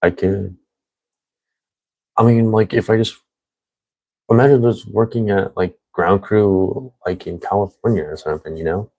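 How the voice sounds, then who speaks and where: A young man with a very deep, low voice talks loosely and rambles, stacking fillers as he goes. The recording is dry and close, with no room sound. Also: fairly even intonation, a little slow, long pauses, darkish tone, no room sound. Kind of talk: casual chat.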